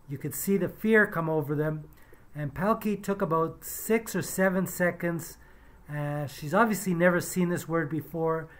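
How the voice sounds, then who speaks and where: A woman who has taught English, talking through pronunciation mistakes in a measured, deliberate way with many hesitant fillers. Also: low-pitched. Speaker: English teacher reviewing pronunciation. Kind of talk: casual spoken commentary.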